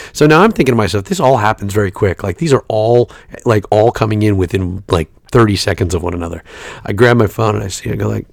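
A man's voice: lowish voice, vocal fry, dry recording, studio quality. A man in his forties, a podcast co-host, telling a story in casual chat with lots of swearing. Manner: animated storytelling with profanity and laughs.

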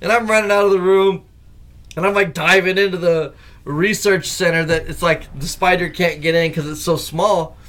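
Animated, laughing male podcast host. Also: high-pitched, moderate pace. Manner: animated storyteller who laughs often. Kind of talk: casual chat.

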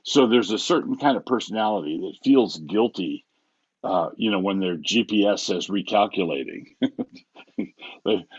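A man's voice: lowish voice, normal speed, husky, no echo, lo-fi sound. A man, a pastor, talking casually on a podcast with many restarts and chuckles at his own examples. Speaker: pastor and guest author.

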